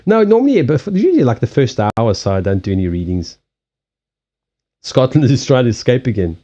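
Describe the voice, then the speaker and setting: A man with a Southern African accent, a native Portuguese speaker, hosting a casual livestream chat, animated and freely swearing. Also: medium pitch, fairly quick, pauses often, muffled recording. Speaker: card reader and livestream host. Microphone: USB headset mic.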